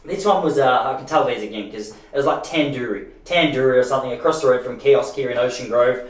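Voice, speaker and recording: A man's voice: medium pitch, fast, roomy sound, far from the mic. A man in his thirties with an Australian accent, hosting a podcast as a chatty, rambling monologue full of restarts and asides. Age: 30s. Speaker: podcast host. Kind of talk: casual monologue.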